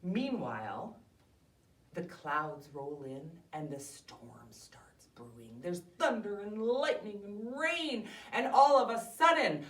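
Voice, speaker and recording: A woman hosting a library storytime, reading a fairy tale aloud to children with animated expression. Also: mid-range voice, slow pace. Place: library room. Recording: roomy, mic at a distance.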